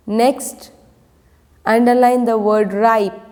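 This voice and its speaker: A primary school English teacher with a slightly high, steady, darkish voice gives an online lesson. She speaks slowly and clearly, asking her class many questions, in an echoey room with long reverb.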